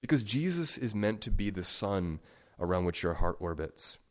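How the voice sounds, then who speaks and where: A man's voice: on the low side, sing-song, moderate pace. Emphatic male preacher. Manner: emphatic, with sharp swings in loudness; repeats and stacks words for stress. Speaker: pastor. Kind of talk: sermon.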